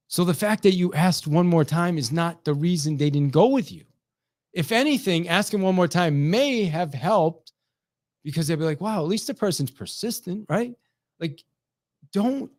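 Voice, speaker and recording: A middle-aged male sales trainer speaks with a fairly high, lively voice. He talks animatedly, restarts and repeats words, and keeps checking in with his listeners. The sound is dry and close, with no room echo. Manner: animated, repeats words, chatty asides with "right?". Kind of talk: energetic talk to camera.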